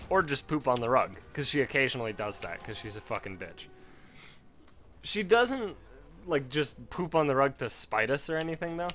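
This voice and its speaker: A man's voice: mid-range voice, animated, moderate pace, fairly bright tone, faint music behind. A man giving casual gameplay commentary from home at a desk mic, rambling into a profane story. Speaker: let's play gamer.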